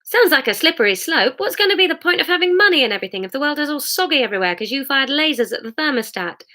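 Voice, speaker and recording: A woman's voice: high voice, expressive, fast, pushed and bright, voice pushed up. A woman voicing a puzzled, plain-spoken man asking blunt questions in a storybook reading. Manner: blunt, matter-of-fact questions.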